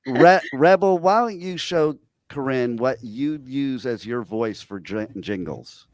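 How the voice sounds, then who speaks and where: A man's voice: mid-range voice, lively intonation, slow pace, a little mellow, no room sound, clean studio sound. A man hosting a radio show, teasing his co-host with casual banter. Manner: joking, teasing.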